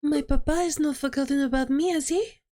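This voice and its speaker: A woman's voice: high-pitched, fairly even intonation, a little fast, voice pushed up, close to an everyday voice. A woman voicing a sweet, naive young noble cat lady in a visual novel read-aloud. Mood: innocent.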